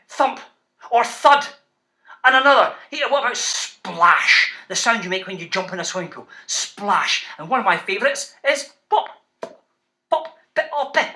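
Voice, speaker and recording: A Scottish man teaches and reads to schoolchildren with playful, teasing energy. His voice sits fairly high and sounds bright and forward. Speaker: children's author.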